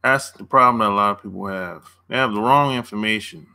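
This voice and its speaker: A man's voice: on the low side, brisk, bright, forceful tone, clean tone. A man coaching on dating in a casual livestream, laid-back, chuckling often and answering viewers' chat by name.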